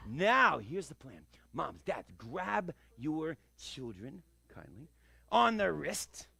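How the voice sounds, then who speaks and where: A man leading a kids' karate class, energetic and playful, breaking into loud kiai yells as he demonstrates moves in an indoor studio. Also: fairly high pitch, slow pace, vocal fry, breathy edge, no echo. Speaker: karate instructor.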